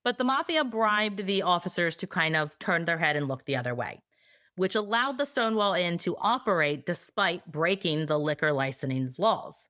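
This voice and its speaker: A woman co-hosting a podcast, telling history in a casual, sarcastic, animated way. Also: on the low side, moderate pace, dry recording, clean studio sound. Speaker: podcast co-host.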